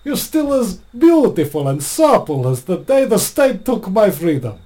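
Comic turn: man doing an overblown mock-Russian family man, soft dark tone. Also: high voice, sing-song, unhurried, pitched above the performer's own voice. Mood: theatrical. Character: mock Russian husband greeting his wife and daughter.

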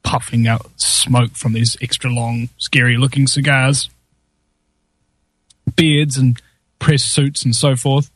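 A man's voice: medium pitch, little pitch movement, slow pace, pauses often, slightly rough, no echo, clean studio sound. A man with a New Zealand accent hosting a talk show, joking and sarcastic in casual chat. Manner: jokey, sarcastic, often laughing.

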